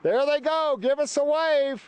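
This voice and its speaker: A man's voice: very high voice, unhurried, low-quality recording. A man hosting a travel show outdoors on a mountain trail, exclaiming eagerly and a little out of breath. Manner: enthusiastic, exclaiming. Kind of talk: on-location interviewing while hiking.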